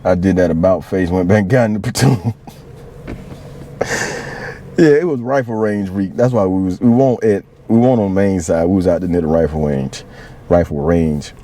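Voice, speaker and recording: A man's voice: deep voice, moderate pace, dark tone, slight background noise. A man in his forties, a Marine veteran, telling stories casually, laughing often and using slang. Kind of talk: casual storytelling.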